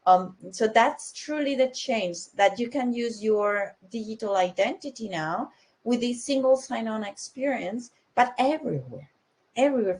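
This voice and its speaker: Woman, young adult, has a cold; explanatory conference speaker, brisk with fillers and restarts. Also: mid-range voice. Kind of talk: technology talk.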